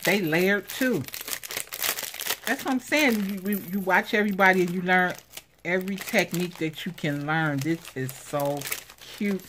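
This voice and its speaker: A woman's voice: on the low side, a little slow, background noise. A woman vlogger unboxing craft supplies in casual commentary, gushing and exclaiming over each item. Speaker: craft vlogger showing giveaway prize.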